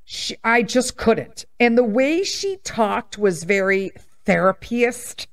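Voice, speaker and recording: A woman in her fifties hosting a podcast, telling candid stories in a blunt, sassy, animated way. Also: fairly high pitch, slow pace, hardly any pauses. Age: 50s. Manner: blunt, animated storytelling with laughs and sass. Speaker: podcast host. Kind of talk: candid casual monologue.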